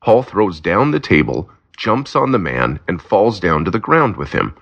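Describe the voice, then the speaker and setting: A man narrating a simple graded story for language learners, slow and clear. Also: deep voice, very animated, a bit bright, highs cut off.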